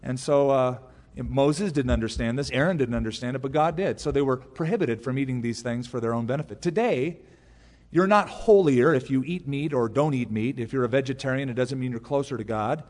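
A man's voice: medium pitch, brisk, darkish tone, in a large hall. A male pastor giving a conversational verse-by-verse Bible teaching, mixing in personal stories, from a church pulpit. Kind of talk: expository sermon. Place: large church sanctuary.

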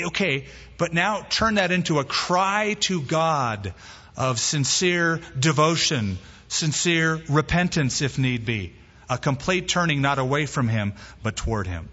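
Emphatic pastor preaching in a reverberant hall. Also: male voice, a little high, lively intonation, pushed and bright, husky. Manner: emphatic, slows down on key words. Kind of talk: sermon. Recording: muffled hall recording with long reverb.

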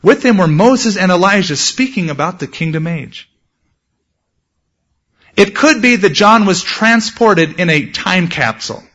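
A male pastor preaching a sermon, telling stories with lively asides and acting out quotes. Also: sits high, unhurried. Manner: animated storytelling, shouts acted quotes. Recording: dull lo-fi sound.

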